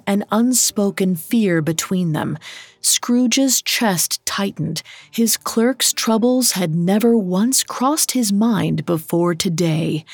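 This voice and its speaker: A woman narrating a scripted storybook podcast in a measured, gently dramatic manner. Her voice has a gravelly fry and an unhurried pace, with faint music behind her. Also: mid-range voice.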